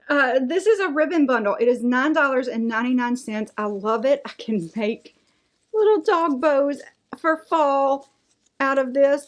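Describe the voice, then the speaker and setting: Gushing woman unboxing crafts. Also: high-pitched. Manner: gushing, enthusiastic, reads out prices. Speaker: unboxing vlogger. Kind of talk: casual unboxing chat.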